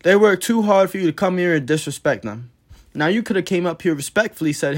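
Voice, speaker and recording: A man's voice: high-pitched, expressive, a little fast. A man hosting a podcast, telling a story in a blunt, profane, heated way. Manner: blunt, profane, heated retelling of a work dispute. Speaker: podcast host. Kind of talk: casual storytelling monologue.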